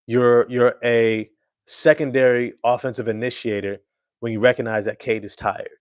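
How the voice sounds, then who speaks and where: A man's voice: mid-range voice, little pitch movement, moderate pace, clear, resonant tone, no echo, clean studio sound. A man hosting casual live-stream sports commentary, emphatic and slangy, repeating his points.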